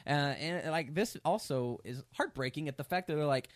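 A man's voice: on the high side, moderate pace, few pauses, no room sound, studio quality. A man teaching a casual Bible study, reading scripture and then talking it through in a loose conversational way with many fillers and sarcastic asides.

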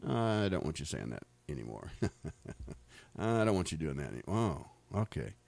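A man's voice: a bass voice, big pitch swings, unhurried, creaky, darkish tone, no echo. A middle-aged man from the United States telling faith stories in a casual, rambling way, often repeating words and laughing. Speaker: speaker sharing faith stories. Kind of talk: casual storytelling testimony.

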